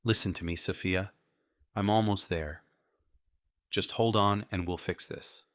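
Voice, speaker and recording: A calm man on a phone speaker offers steady reassurance, voiced by a male narrator. The voice is deep and bright. The delivery stays measured. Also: no room sound, studio quality. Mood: reassuring.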